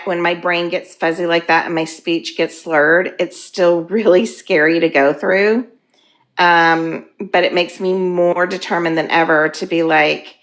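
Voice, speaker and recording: Emotional, halting woman in her fifties. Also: on the low side, a bit bright. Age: 50s. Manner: earnest, halting, with frequent ums. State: weepy and emotional. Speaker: person in rehab sharing her story. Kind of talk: candid personal sharing.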